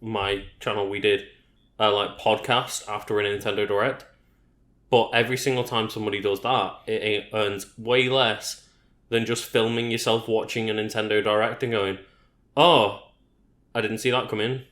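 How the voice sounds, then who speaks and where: Low-voiced man in an echoey room. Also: flat delivery, a bit bright. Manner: agreeable, quick back-channel replies. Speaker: podcast guest. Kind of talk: casual podcast chat.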